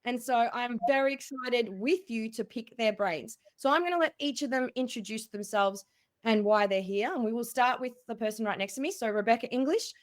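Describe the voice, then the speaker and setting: A woman's voice: a little high, fairly quick. A woman hosting an online panel discussion, upbeat and effusive as she introduces the guests. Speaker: host.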